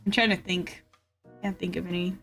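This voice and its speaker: A woman streamer chatting casually with viewers, rambling with fillers and laughs and swinging between excited yelps and low grumbles. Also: moderate pace. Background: faint background music.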